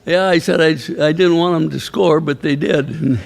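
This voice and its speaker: Older male former coach, gravelly, slightly high voice, meandering anecdotal speaker. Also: moderate pace, some chatter behind. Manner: rambling anecdotal storyteller, chuckling, quoting others. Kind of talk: storytelling speech at an awards ceremony. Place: banquet hall at a ceremony.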